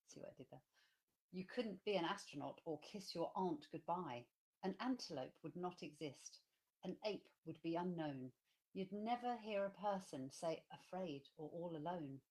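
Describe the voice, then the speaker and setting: A woman co-hosting a casual online show, playful and mock-ceremonious, who also reads a poem aloud. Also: on the low side. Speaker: co-host and poem reader. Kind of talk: casual chat and poem reading.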